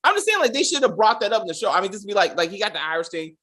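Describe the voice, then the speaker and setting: A man's voice: high voice, rapid-fire. A man hosting a casual TV review chat, swearing freely and acting out lines from the show. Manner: animated, profane, acts out quotes. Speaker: podcast host.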